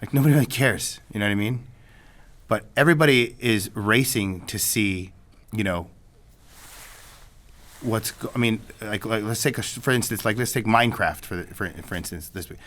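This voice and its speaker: Male guest, low-pitched, loose and rambling anecdote teller. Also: normal speed, a bit bright, slight background noise. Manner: rambling, many restarts and "you know what I mean". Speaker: filmmaker guest. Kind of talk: casual storytelling in an interview.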